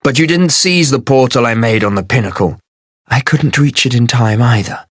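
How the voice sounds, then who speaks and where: A man's voice: mid-range voice, moderate pace, fairly bright tone, husky, no room sound, clean studio sound. A man voicing a proud, secretive sorceress in an audiobook, speaking in a cold, guarded, weary way. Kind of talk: audiobook character voice.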